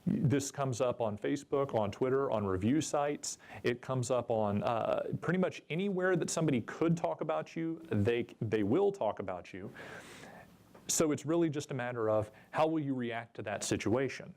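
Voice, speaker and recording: A man's voice: medium pitch, lively intonation, normal speed, darkish tone. A man giving a jokey, chatty seminar talk at a convention and asking the audience questions. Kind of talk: live presentation to a room.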